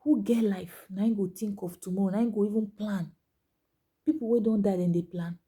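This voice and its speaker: A woman speaking Nigerian Pidgin in a motivational monologue, urging listeners with repeated phrases, rising to loud emphasis and dropping to hushed whispers. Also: mid-range voice, steady tone, fairly quick, breathy edge. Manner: exhorting, repetitive, swings between loud emphasis and hushed whispers.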